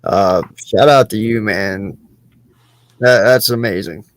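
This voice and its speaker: A man's voice: on the low side, takes it slowly, dry recording. A man co-hosting a casual stream, friendly and stammering, often calling people dude. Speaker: co-host greeting chat viewers. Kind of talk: casual chat.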